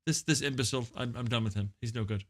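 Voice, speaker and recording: A man's voice: medium pitch, fast, voice pushed down, lightly acted. A man putting on a mumbling, eccentric male movie-star impression with rambling answers. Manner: mumbling, rambling, abruptly dismissive.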